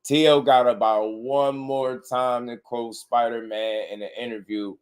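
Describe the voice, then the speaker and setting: A young man hosting a casual boxing livestream, animated and slangy, laughing often and mimicking people. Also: mid-range voice, unhurried, smooth. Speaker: boxing commentary host.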